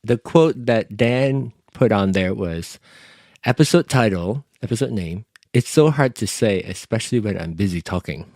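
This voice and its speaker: A man's voice: fairly low pitch, animated, normal speed, a little mellow, no echo, clean studio sound. A man co-hosting a podcast in casual chat, teasing playfully and laughing a lot. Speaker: podcast co-host.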